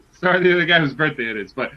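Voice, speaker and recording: A man co-hosting a casual podcast, making wrestling predictions and talking in excited, emphatic bursts that repeat words. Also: a little high, highs cut off, background noise. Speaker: podcast co-host.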